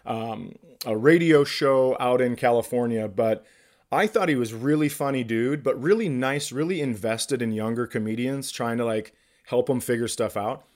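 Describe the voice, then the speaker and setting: Guy comic telling a story on a podcast, animated, ribs himself. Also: mid-range voice, normal speed. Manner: animated, self-mocking. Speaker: comedian and podcast host. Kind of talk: casual storytelling chat.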